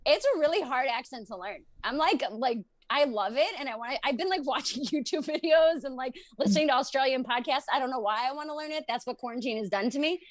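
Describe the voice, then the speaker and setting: A woman's voice: high voice, animated, fast talker, hardly any pauses, dry recording. A woman comedian in casual chat and stand-up, laughing often and breezy. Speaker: guest comedian.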